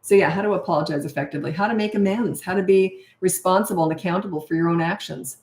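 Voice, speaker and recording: A woman's voice: lowish voice, fast talker, a little mellow. A middle-aged woman giving parenting advice in a casual, blunt way, acting out the dialogue she quotes. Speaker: parenting coach. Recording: echoey room.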